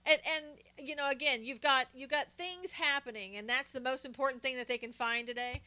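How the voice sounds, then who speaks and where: An older woman talks through a casual political livestream, greeting viewers by name between points. Her voice sits high and carries a bright, forceful edge. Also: brisk. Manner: chatty, greets viewers by name while talking. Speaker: live stream host.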